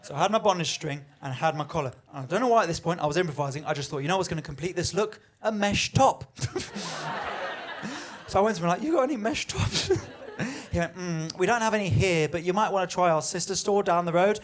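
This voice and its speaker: A man's voice: high voice, fast talker. A young man performing a stand-up comedy set, telling a story and acting out the voices of the people in it. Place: comedy venue on stage.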